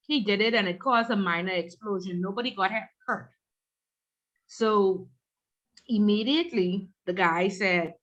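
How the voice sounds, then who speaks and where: Woman, instructor, animated storyteller, online class, muffled lo-fi call audio. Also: medium pitch, measured pace. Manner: animated, acts out quoted voices.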